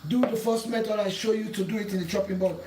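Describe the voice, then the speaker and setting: A woman's voice: mid-range voice, fairly even intonation, fast talker, background noise. A woman hosting a home cooking tutorial in her kitchen, repeating earnest pleas and warnings as she works. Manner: earnest, repetitive pleading warnings. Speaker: cooking channel host. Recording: echoey kitchen, mic at a distance, clattering pots.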